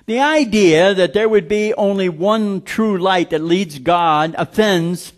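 A man preaching a sermon, blunt and emphatic, slowing down to stress scripture lines. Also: high voice.

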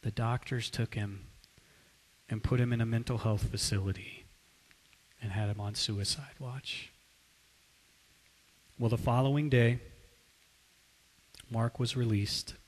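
A man at a middle pitch preaches through a dramatic story at a deliberately slow pace. His narration keeps dropping into hushed tones, then swells into loud, raised outbursts when he voices the characters' lines. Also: steady tone, poor audio.

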